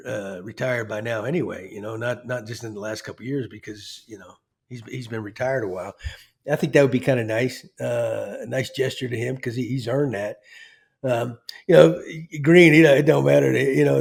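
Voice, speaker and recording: A man's voice: medium pitch, gravelly, husky. A man hosting a casual sports chat show, talking in a folksy, rambling way full of fillers. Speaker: show host.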